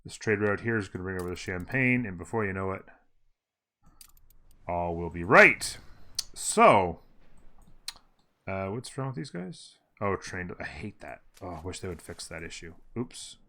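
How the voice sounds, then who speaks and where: Lively, bright-voiced male gameplay host. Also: sits low, measured pace, long pauses. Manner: chatty, thinks aloud with fillers and self-corrections. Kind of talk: casual gameplay commentary.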